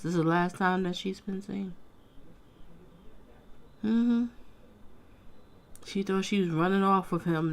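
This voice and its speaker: Woman host, casual emotional commentary, talks to her chat. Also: fairly low pitch. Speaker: livestream host reacting to trial footage.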